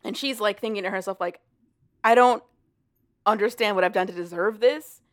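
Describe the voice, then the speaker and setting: This is a woman in casual conversation, retelling a story with lots of energy. She swears freely and breaks into laughter often. Her voice sits at a middle pitch. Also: moderate pace. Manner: animated, profane, laughs often while retelling. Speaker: podcast co-host recapping a story. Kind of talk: casual chat.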